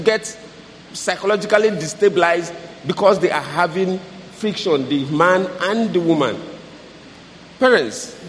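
A man giving earnest, exhorting advice to parents in a preaching style. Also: sits high. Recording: hall reverb, faint noise.

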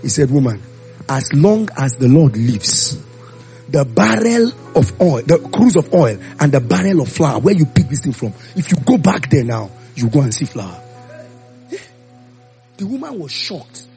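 A man's voice: fairly high pitch, measured pace, gravelly, faint music behind. A man preaching a sermon, telling Bible stories and acting out the voices of the people in them. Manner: animated storytelling, acting out voices.

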